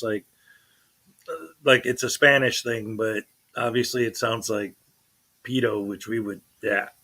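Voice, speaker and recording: A man talks to his viewers in a loose morning commentary, rambling from point to point. He sounds indignant, stopping to restart his sentences and filling gaps with ums and likes. His pitch sits in an ordinary middle range. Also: a bit bright. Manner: mocks others in quoted voices. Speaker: channel host.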